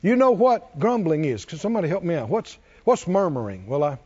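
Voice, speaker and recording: Animated high-pitched preacher, lo-fi. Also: male voice, a little fast, husky. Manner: animated preaching, jokes with congregation, does cartoon voices. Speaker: pastor. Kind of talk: sermon.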